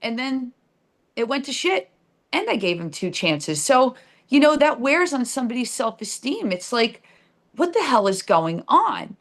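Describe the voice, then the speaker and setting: A woman's voice: a little high, very animated, a little slow. A woman, a podcast guest telling her story candidly and bluntly, with sarcasm and casual swearing.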